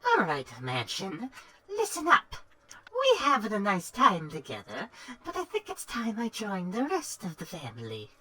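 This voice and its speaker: A man's voice: high-pitched, huge pitch swings, measured pace, bright, forceful tone, voice pushed up, full character voice. A man putting on a sing-song old witch granny. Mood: cheery. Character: old witch grandmother of a spooky family. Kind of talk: reading game dialogue aloud.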